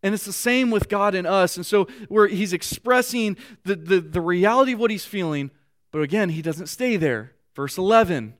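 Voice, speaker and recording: High-voiced earnest male pastor preaching. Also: lively intonation, moderate pace. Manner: earnest, repeats words while reaching for thoughts; reads scripture aloud with feeling. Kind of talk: sermon.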